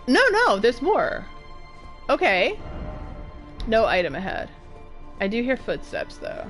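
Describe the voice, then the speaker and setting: A woman's voice: on the high side, wildly swooping pitch, slow pace, fairly bright tone. Woman streamer rambling over her game, voice bouncing all over, faint music behind. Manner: chatty, rambling, jumpy nervous exclamations. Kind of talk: casual gameplay commentary.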